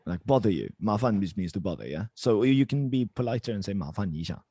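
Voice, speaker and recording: A man's voice: fairly low pitch, expressive, fast talker, mellow, husky, no echo. A man teaching a Mandarin lesson over a video call, encouraging and switching between English and Chinese. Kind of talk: online language lesson.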